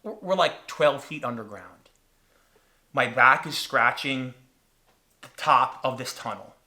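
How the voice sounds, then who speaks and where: A young man hosting a podcast, telling a story in an animated, casual way and acting out his own reactions dramatically. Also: mid-range voice, takes it slowly. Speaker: podcast host.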